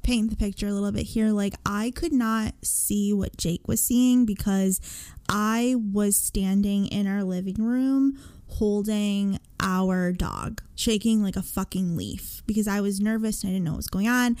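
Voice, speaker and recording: A woman co-hosting a podcast, casually recounting a frightening event in an emphatic, expressive way. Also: medium pitch, a little slow. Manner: emphatic, expressive, swears freely. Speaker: podcast co-host. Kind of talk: casual storytelling chat.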